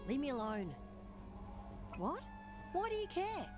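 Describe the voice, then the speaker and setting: Jittery, queasy alien local; high, lively, whiny apologies. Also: male voice, a little slow, exaggerated voice. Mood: nervous. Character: nervous sick alien townsman who overate. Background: game music.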